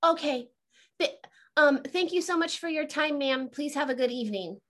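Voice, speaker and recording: A woman's voice: sits high, moderate pace. A woman playing an eager little schoolgirl. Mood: curious. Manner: chatty, excitable, asks many questions. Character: young schoolgirl, eager and curious.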